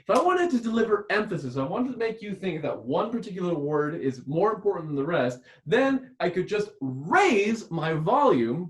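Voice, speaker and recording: A man lecturing as a public speaking instructor who keeps shifting his volume and tone to sound expressive. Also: sits high. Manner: expressive, constantly varying volume and tone. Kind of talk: recorded lecture. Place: rented room used as a classroom. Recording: echoey room.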